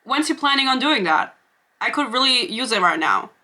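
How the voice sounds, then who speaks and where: A woman's voice: fairly high pitch, animated, moderate pace, bright, forceful tone. A young woman reviewing a book on her own channel, ranting casually with sarcasm, swearing and laughing asides. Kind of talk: casual rant to camera.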